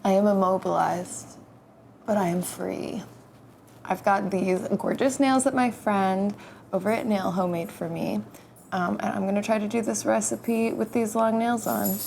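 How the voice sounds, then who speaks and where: A woman's voice: medium pitch, fairly even intonation, moderate pace, gravelly, darkish tone, slight background noise. A woman in her twenties chatting casually to camera as a vlogger, rambling and poking fun at herself. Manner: rambling, self-mocking. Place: home bakery tent.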